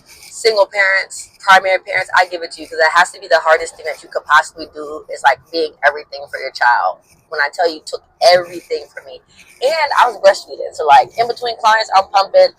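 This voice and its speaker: A woman's voice: lowish voice, a little fast, a bit bright, husky, poor audio. A woman in her thirties, a counselor and vlogger, telling a heartfelt personal story in a casual way, with many "like" fillers.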